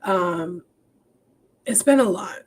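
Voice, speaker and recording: A woman's voice: medium pitch, expressive, slow pace, breathy edge. A woman hosting a podcast, talking frankly about her struggles and her faith, often breaking into laughter. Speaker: podcast host. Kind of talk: candid personal talk. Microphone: podcast mic.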